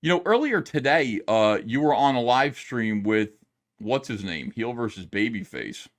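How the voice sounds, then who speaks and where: Man ranting loud and exasperated. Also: mid-range voice, big pitch swings, normal speed. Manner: loud, exasperated, profane yelling. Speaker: streamer reacting to videos. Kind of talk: angry commentary rant. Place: home, downstairs.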